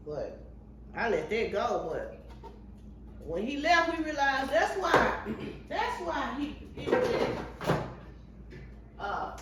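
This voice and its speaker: A woman's voice: mid-range voice, noisy background. A woman in her fifties, a vlogger and barber, telling a story in a chatty, colloquial way while cooking in her kitchen. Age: 50s. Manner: chatty, colloquial, animated retelling. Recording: roomy sound from a far mic.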